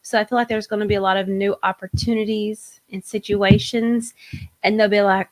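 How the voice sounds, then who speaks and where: Woman, tarot reader hosting a live stream, casual and energetic chat. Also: medium pitch, moderate pace. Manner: chatty, warm greetings to viewers, energetic.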